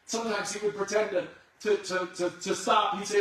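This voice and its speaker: A man's voice: high voice, moderate pace, fairly bright tone. A man preaching a sermon as a dramatic storyteller who builds suspense. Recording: echoey hall, far from the mic.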